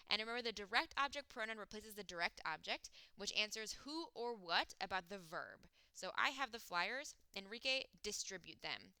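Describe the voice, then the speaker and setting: A woman's voice: mid-range voice, animated, normal speed, few pauses, pushed and bright, smooth, no echo. A woman Spanish teacher, explaining grammar step by step in a recorded lesson, with frequent "um" and "okay".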